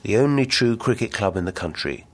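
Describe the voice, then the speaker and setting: A man's voice: on the low side, lively intonation, brisk. A man voicing a brash, ambitious businessman with big schemes, reading the dialogue aloud in a pushy salesman's patter. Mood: grandiose. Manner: salesman patter, insistent and grandiose.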